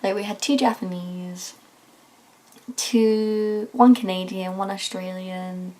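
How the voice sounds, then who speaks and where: Young english woman doing a chatty video diary, gushy and excitable, sighs a lot, drops to a whisper sometimes. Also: mid-range voice, takes it slowly. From England. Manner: gushing and excitable, often sighing and dropping to a whisper. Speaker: vlogger.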